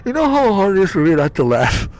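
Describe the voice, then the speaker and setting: A man's voice: high-pitched, sing-song, quick pace, a little mellow, faint music behind. A man giving casual gameplay commentary, giggling and breaking into laughter often. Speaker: gamer streamer.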